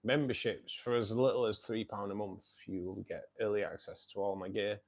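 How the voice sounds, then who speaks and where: Mancunian male streamer, lowish voice, friendly chatty delivery, reads out viewer comments. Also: steady tone, normal speed. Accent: Northern English, Manchester. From England. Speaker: live stream host. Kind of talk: casual live chat reading viewer comments.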